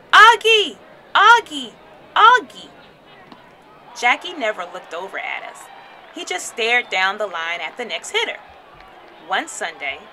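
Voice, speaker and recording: Bright, lively woman reading a storybook aloud. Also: mid-range voice, slight background noise. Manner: dramatic, shouts crowd chants. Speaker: children's book reader. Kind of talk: expressive read-aloud storytelling.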